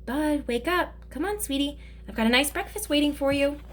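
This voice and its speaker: A woman's voice: a little high, sing-song, a little fast, slight background noise. A woman reading as a kindly, scolding mother. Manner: warm with the child, sharp with her father. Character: kind but scolding grown woman, a mother.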